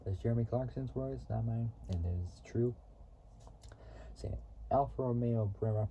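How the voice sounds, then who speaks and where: A man with an extremely dark, mellow voice rambles through game facts in a casual, stop-start way, often correcting himself. The recording sounds dull and lo-fi, with a faint hiss behind him. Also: mid-range voice, normal speed. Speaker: gaming video host.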